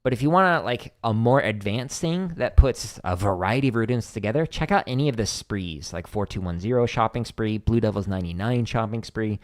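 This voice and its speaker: A man's voice: fairly low pitch, lively intonation, brisk, few pauses. A man in his thirties hosting a drumming livestream, chatting casually and counting beats aloud as he explains exercises. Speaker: drumming teacher, livestream host. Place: home drum studio.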